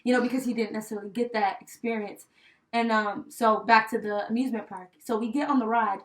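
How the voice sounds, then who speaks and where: A young woman co-hosting a podcast, telling a personal story in casual chat, heartfelt and animated, with many fillers like "you know" and "right?". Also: a little high, a little fast. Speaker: podcast co-host. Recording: voice a bit distant from the mic.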